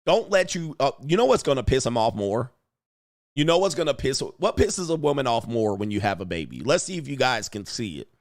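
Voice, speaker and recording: A man hosting a livestream, ranting casually and profanely while acting out quotes in animated bursts. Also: medium pitch, brisk. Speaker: livestream host. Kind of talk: casual commentary rant.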